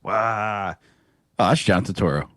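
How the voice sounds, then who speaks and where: A man chatting casually on a podcast while watching fight videos, making deadpan absurd jokes. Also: lowish voice, a little slow, no room sound. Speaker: podcast guest.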